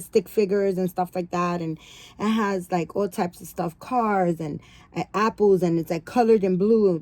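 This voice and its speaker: A woman hosting a doll vlog in casual chat, loose, profane and rambling with many fillers, cooing softly at her dolls. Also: fairly low pitch. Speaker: doll channel host.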